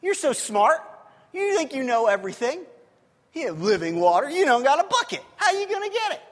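A man's voice: extremely high pitch, sing-song, moderate pace, sharp tone, long reverb tail, pitched above the performer's own voice, heavily acted. A male preacher voicing a sassy, defiant woman who mocks and picks a fight, in a raised voice. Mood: sassy, mocking.

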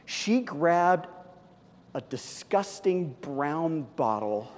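A middle-aged man preaching a sermon as pastor, telling a story in an animated, chatty way with lots of fillers. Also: on the high side, extremely slow. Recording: long reverb of a large hall.

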